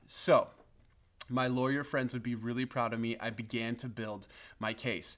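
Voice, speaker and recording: A man preaching a sermon, telling a personal story in an animated way that builds and then settles. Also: mid-range voice, unhurried. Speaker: pastor.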